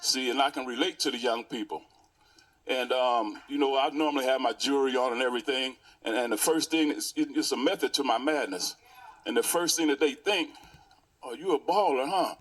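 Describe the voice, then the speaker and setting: A man in his sixties, a pastor, giving a heartfelt memorial tribute and reminiscing in stories with many pauses. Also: medium pitch, fairly bright tone.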